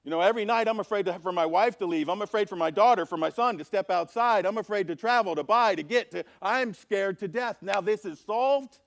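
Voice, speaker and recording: A man's voice: on the high side, animated, unhurried, pauses often, pitched above the performer's own voice. A man voicing a frightened townsman who eagerly pleads to be rid of his troubles. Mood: fearful. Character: frightened townsman begging for relief.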